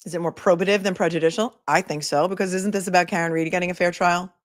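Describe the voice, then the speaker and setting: A woman's voice: lowish voice, steady tone, fast, no echo, studio quality. A middle-aged woman attorney hosting a casual livestream, chatting and reading viewer comments aloud.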